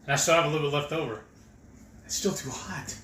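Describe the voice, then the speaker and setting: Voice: mid-range voice, quick pace, a bit bright. A co-host on a cooking livestream, tossing out dry, teasing quips in casual chat. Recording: distant, echoey room with faint noise.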